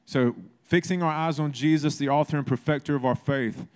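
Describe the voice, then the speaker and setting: A man's voice: on the high side, fairly quick, darkish tone, clear, resonant tone. A man preaching a sermon in a conversational way, building to emphatic, repeated phrases. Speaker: pastor.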